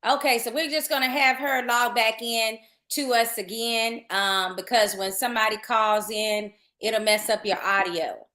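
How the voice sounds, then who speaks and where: Woman podcast host, upbeat and chatty, highish bright voice, echoey room. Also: fairly even intonation, measured pace, hardly any pauses. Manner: chatty, upbeat, loose restarts. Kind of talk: casual podcast chat and event promo. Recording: roomy echoey sound.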